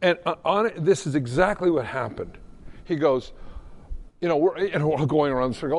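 Male pastor, higher-pitched voice, lively storytelling sermon. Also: a little fast. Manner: storytelling, animated, repeats words.

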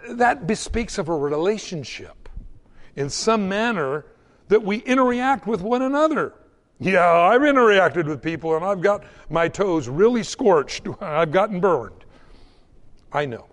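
A man's voice: high voice, expressive, unhurried. A man preaching a conversational sermon, acting out little everyday exchanges between people. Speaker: pastor.

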